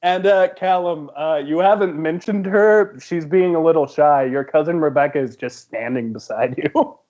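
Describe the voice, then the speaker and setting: A man narrating as game master in a halting way, with many fillers. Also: a little high, darkish tone. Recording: dull lo-fi sound.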